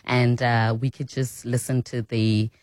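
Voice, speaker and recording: A woman presenting listener feedback on a radio show in a measured, affirming way. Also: very deep voice, flat delivery, darkish tone, no echo. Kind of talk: radio news chat. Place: radio studio.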